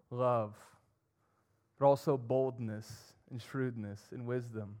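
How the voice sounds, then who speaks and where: A young man preaching a sermon, earnest, swinging between emphatic and soft. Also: mid-range voice. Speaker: pastor.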